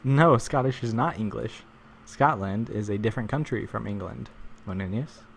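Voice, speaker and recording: A man's voice: fairly low pitch, normal speed, creaky, a little hiss or hum. A man live-streaming a game, chatting casually with viewers, joking and rambling with frequent chuckles.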